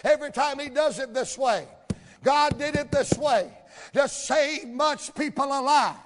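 An older man voicing a calm, forgiving biblical ruler inside a sermon, earnest and gently pleading. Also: very high-pitched, unhurried, long reverb tail, background noise, pitched above the performer's own voice.

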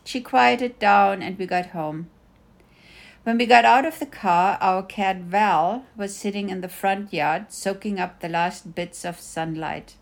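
Slow, wry woman reading a memoir. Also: mid-range voice, gravelly. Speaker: mother narrating a personal story. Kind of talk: first-person memoir reading.

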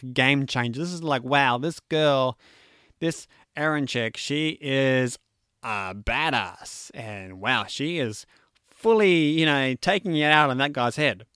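A man casually retelling a movie plot in an animated, jokey, chatty way, full of fillers. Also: a little high, no echo, studio quality. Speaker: movie recapper.

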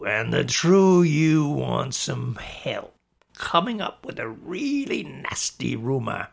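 A man's voice: mid-range voice, creaky, breathy edge, full character voice. A man voicing an ugly, scaly, horned male monster who hisses and mocks, in a spoken storybook. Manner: hissing, mocking.

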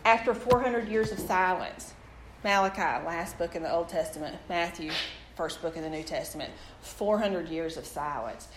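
A woman's voice: fairly low pitch, normal speed. A woman, preaching and telling a personal testimony, talking straight to her audience. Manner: storytelling, animated, addresses the audience directly. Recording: echoey room with faint background noise.

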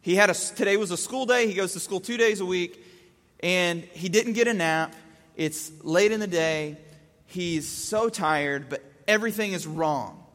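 A man in his thirties telling a comic story about his young son, animated and jumping between voices. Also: high voice, moderate pace. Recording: echoey hall.

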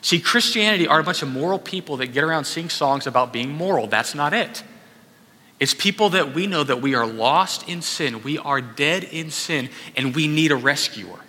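A man's voice: a little high, animated, normal speed, pushed and bright. A pastor delivering a conversational sermon, acting out quotes as he goes. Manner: conversational preaching with acted quotes. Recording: echoey hall.

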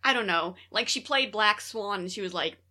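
A young adult woman co-hosting a podcast in casual chat, joking and swearing with deadpan boasts. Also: medium pitch, normal speed. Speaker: podcast co-host.

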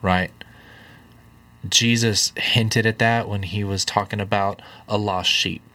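A man hosting a conversation about faith, becoming animated when he retells a parable. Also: on the low side, takes it slowly. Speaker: host.

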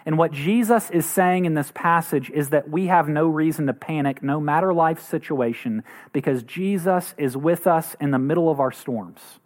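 Guy preaching a sermon, pastor voice, kinda high, earnest. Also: normal speed, hardly any pauses. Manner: earnest, acts out quoted voices with rising pitch.

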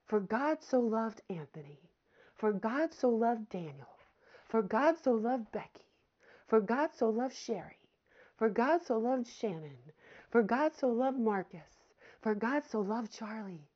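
A woman preaching with fervent conviction, leading her listeners to repeat words after her. Her voice sits at a mid pitch. The audio is a little dull and lo-fi. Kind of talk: sermon.

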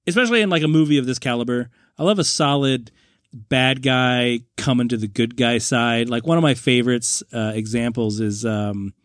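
A man's voice: medium pitch, moderate pace, no echo, studio quality. A man co-hosting a podcast, chatting casually about movies, rambling, laughing often and acting out lines. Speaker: podcast co-host.

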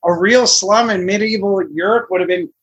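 A man's voice: sits high, fairly even intonation, brisk, fairly bright tone, husky, poor audio. A man co-hosting a casual movie review podcast, rambling with lots of fillers and some swearing. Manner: rambling, many likes, swears. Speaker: podcast co-host.

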